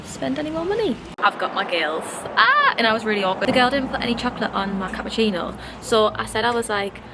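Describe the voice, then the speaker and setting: A young woman in her twenties talks to her phone camera in a chatty, animated vlog, her voice sitting a little high. A faint hum of ambience runs behind her as she tells her stories. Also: quick pace. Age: 20s. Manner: chatty, animated storytelling with laughs. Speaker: vlogger. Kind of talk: casual vlog chat. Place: out and about, shops and street.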